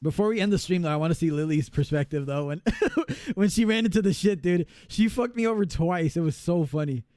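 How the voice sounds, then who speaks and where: A man chatting casually on a live gaming stream, excitable and profane, laughing often. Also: on the high side, brisk, dry recording.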